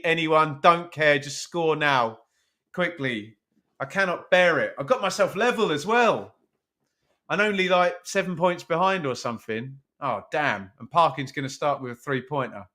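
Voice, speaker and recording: A man's voice: on the high side, moderate pace, sharp tone. Chatty man hosting a match watch-along. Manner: chatty, self-mocking, reads chat aloud. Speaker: live stream watch-along host. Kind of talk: casual live match commentary and chat.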